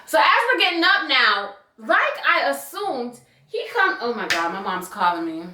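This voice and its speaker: Chatty bright-voiced young woman, echoey room. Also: fairly high pitch, moderate pace. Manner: chatty, animated, slangy storytelling with asides. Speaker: YouTuber telling a story. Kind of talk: casual storytime.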